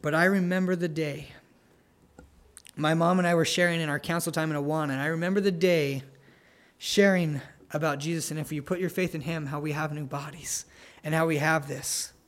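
A man preaching an earnest sermon, telling family stories and pleading gently with listeners to come to faith. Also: a little high, steady tone. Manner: earnest, pleading, tender pauses. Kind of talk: sermon with altar call.

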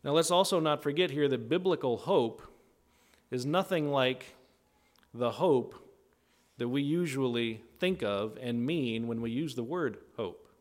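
A man's voice: animated, unhurried. A man preaching a conversational sermon in a teaching tone, often checking in with "right?" and acting out quoted voices. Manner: acts out quoted voices with big pitch jumps.

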